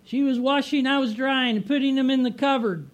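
A middle-aged man with a strikingly high voice, preaching a heartfelt sermon. He builds emphasis through repetition and drags out key phrases. His delivery rises and swells as he drives each point home. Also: fairly quick. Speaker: pastor.

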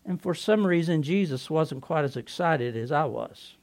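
A man playing excitable fisherman Peter, high-voiced. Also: normal speed, close to an everyday voice. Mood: earnest storytelling. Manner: earnest, excitable storyteller. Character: Simon Peter, impulsive adult fisherman apostle. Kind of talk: first-person dramatic monologue.

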